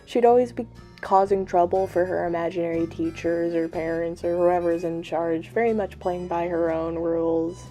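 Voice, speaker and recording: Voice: medium pitch, steady tone, moderate pace, warm tone, soft background music. A vlogger chatting casually at home while cleaning a toy, rambling and often breaking off to laugh.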